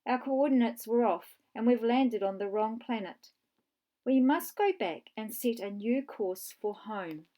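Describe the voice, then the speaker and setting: A woman voicing a kindly, cautious older male professor in a children's storybook reading, brisk and reassuring. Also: a little high, lively intonation, mellow. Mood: calm.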